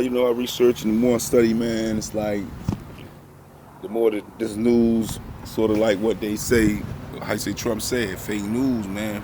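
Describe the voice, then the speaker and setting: A man in a casual, loose opinion rant, repeating filler words like "man" as he talks outdoors. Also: fairly low pitch. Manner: loose, repetitive, sprinkles "man" and "stop playing". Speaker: vlogger. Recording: noisy outdoor street recording.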